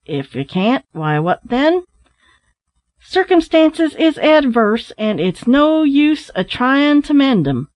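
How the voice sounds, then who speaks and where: A woman doing a slow drawling old miner. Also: high voice, sing-song, darkish tone, voice pushed up, full character voice. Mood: grumbling.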